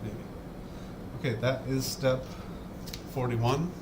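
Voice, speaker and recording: A man's voice: mid-range voice, slow, background noise. A man with a North Dakota accent hosting a casual morning live stream from home, rambling and chatty while he builds a model. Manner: rambling, chatty, self-deprecating. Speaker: livestream host building a model kit. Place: home, indoors.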